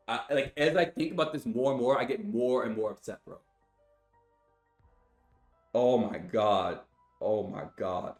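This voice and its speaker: A man's voice: on the high side, expressive, normal speed. Profane young man ranting to chat. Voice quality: profane, exasperated, with heavy sighs. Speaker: gaming streamer. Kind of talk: angry rant to stream chat. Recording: roomy echo with faint music.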